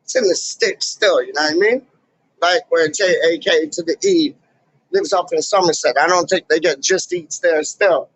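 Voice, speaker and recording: A man ranting casually to camera in a vlog, full of slang and loud asides. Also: a little high, normal speed, no echo, highs cut off. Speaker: YouTuber. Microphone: camera mic.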